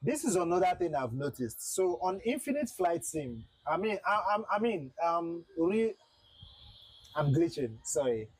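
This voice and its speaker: A man's voice: a little high, big pitch swings, measured pace, slightly rough, dry recording, rough recording. A man livestreaming a flight simulator, chatting casually with viewers and repeating himself as he flies.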